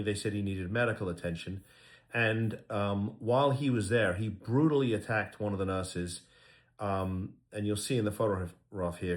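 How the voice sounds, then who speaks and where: A middle-aged man with a somewhat low voice gives casual spoken commentary as a lawyer. He is earnest and speaks with many ums, uhs and restarts. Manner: earnest, repeats himself, many fillers.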